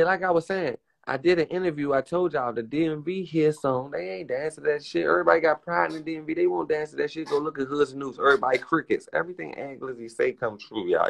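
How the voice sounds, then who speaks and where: A man's voice: medium pitch, gravelly, slightly rough. A young man hosting a live stream, ranting in a casual, profane, emphatic way and mimicking other people's lines. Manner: acts out others' lines in quick put-on voices.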